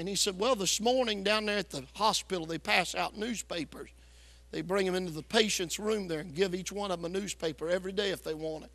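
Delivering a revival sermon built on storytelling, this forceful preacher pushes hard and loud, his high voice ringing bright. The church hall is echoey, and its lingering reverb follows each line he speaks.

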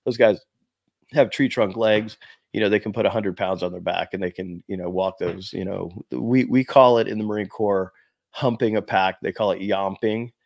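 A man in his fifties from the United States, a former Marine, casually telling animated stories to camera with lots of "you know". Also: on the low side, moderate pace, creaky, dry recording. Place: small room before a green screen.

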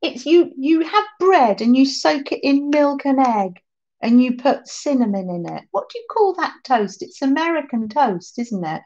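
A woman's voice: high-pitched, lively intonation, normal speed, a little mellow, dull audio. A woman hosting a craft livestream, chatting casually, reading out viewer comments and laughing often.

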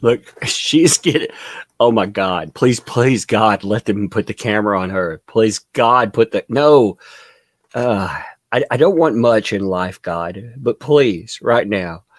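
A man's voice: lowish voice, animated, slow, dry recording, clean studio sound. A man giving mocking commentary over trial footage, laughing often and speaking theatrically. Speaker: commentary vlogger.

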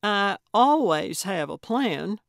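A woman voicing an elderly, bossy woman sleuth in an audiobook, speaking loudly in slow, emphatic declarations. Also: medium pitch, sing-song, creaky, no echo, studio quality, full character voice. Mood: determined. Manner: loud, emphatic, deliberate declarations. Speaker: audiobook character.

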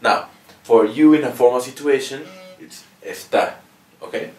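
A Mexican-accented man teaches a relaxed beginner lesson, pausing often to check in with a questioning "okay?". He sits a little back from the microphone, and his voice rings around a room with plenty of echo. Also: mid-range voice. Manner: patient, ends phrases with "okay?". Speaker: language teacher. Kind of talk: casual video lesson. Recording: roomy echo, mic at a distance.

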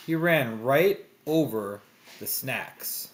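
Slow, lively man reading a storybook. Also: medium pitch. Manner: slow, gentle, sing-song for children. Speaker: children's storybook reader. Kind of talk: read-aloud storybook narration.

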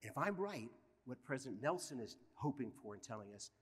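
A man's voice: mid-range voice, big pitch swings, a little fast, slightly rough. A man speaking earnestly on a conference stage, reflective, often stumbling over repeated words. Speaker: panel speaker, judge. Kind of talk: reflective live panel talk. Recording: long hall reverb at live event.

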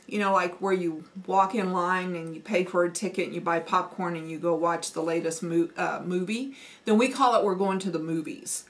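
Homesteading vlog host, a woman with a Midwest Missouri accent; easygoing, slow, chatty delivery. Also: mid-range voice, fairly bright tone. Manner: chatty, folksy, with fillers and laughs. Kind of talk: casual accent-challenge vlog.

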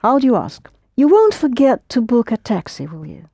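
A woman's voice: fairly high pitch, wildly swooping pitch, normal speed, creaky, mellow, breathy edge, no echo. A woman teaching a language lesson, explaining patiently step by step and prompting her students.

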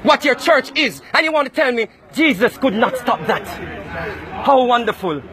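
A man from Jamaica, loudly accusing and taunting people in a heated street confrontation. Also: very high-pitched, very animated, normal speed. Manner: loud, accusing, repetitive taunting. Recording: noisy crowd around, outdoors.

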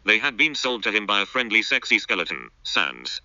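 A man reads out an absurd comic story in a flat, deadpan way. His voice is low but very bright and sharp in tone. The recording is dull and muffled. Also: quick pace, no echo. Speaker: narrator.

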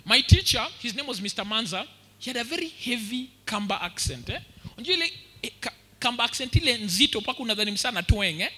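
A man with a Kenyan accent preaching a sermon, telling lively stories and mixing English with Swahili. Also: very high-pitched, quick pace. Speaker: pastor. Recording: reverberant church hall.

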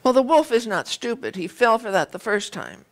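A woman minister giving a conversational sermon, retelling a fairy tale with lively, animated storytelling. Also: on the high side, normal speed.

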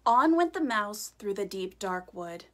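A woman, a teacher type, reading a picture book aloud to children in a gentle, chatty way. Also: medium pitch, sing-song, measured pace.

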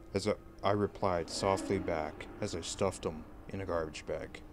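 A man reading a creepy horror story aloud in a slow, hushed, deliberate way. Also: low-pitched. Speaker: creepypasta narrator. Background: faint background music.

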